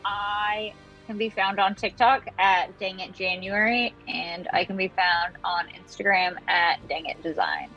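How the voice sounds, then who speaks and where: A woman's voice: medium pitch, unhurried, highs cut off, faint music behind. A woman introducing herself as a player in a tabletop game, friendly. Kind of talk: casual chat.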